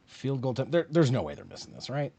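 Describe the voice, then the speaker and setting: A man calling a football game play by play on his live stream, rising with excitement on big plays and dropping to quiet muttered asides. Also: mid-range voice, a little fast, gravelly, husky, no echo. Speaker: streamer and sports commentator.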